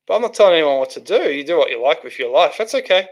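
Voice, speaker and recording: A man's voice: on the high side, expressive, very fast. A man hosting a casual livestream, reading out chat comments and rambling with many restarts and fillers.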